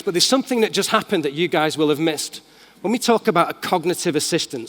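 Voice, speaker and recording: A man with a Manchester accent giving an enthusiastic, casual live tech demo as a conference keynote speaker in a large hall. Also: a little high. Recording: long hall reverb.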